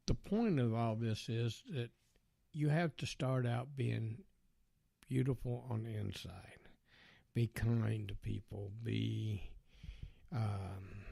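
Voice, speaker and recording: A podcast host delivers a casual monologue in a mid-range, mellow voice with some vocal fry. He rambles in a folksy manner, full of fillers and asides, and the recording is dry and studio quality.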